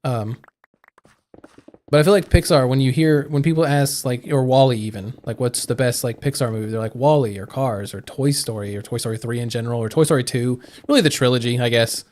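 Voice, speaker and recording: A man's voice: mid-range voice, fairly quick, a little mellow, a little hiss or hum. A young man streaming live, chatting casually and rambling with lots of fillers and restarts. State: hiccuping.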